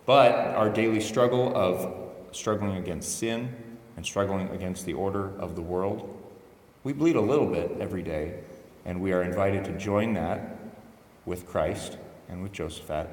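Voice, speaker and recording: A man's voice: low-pitched, unhurried, a little mellow. Man preaching in an echoey church. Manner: conversational, self-correcting, wry asides. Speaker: priest. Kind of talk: weekday homily. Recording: echoey church hall, voice from a distance.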